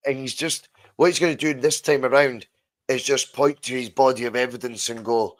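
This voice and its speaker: A man co-hosting a football podcast over a video call, talking in an animated way and swearing freely. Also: medium pitch, normal speed, dry recording. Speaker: podcast co-host.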